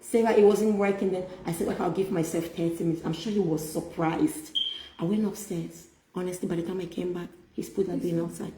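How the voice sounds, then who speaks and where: A middle-aged woman telling a personal story in a casual faith-based chat, animated and often laughing as she quotes herself. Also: fairly low pitch, a little fast, background noise. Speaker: host. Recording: echoey room.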